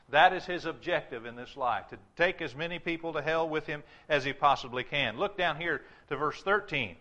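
Male pastor, higher bright voice, emphatic sermon delivery that dips low for warnings. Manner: emphatic preaching, drops low and slow for warnings.

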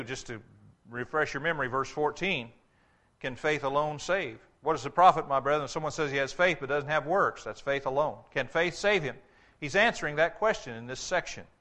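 A male preacher delivering a sermon, reading scripture aloud and slowing down hard on key words for emphasis. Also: a little high, pushed and bright. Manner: emphatic, slows to stress scripture quotes.

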